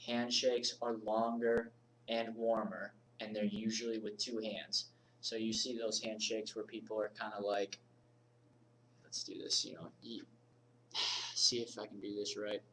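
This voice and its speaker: A man from the United States teaching a casual video lesson, informal and energetic, moving around and gesturing as he talks. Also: on the low side, unhurried, distant mic, slight background noise, low-quality recording. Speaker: body language instructor.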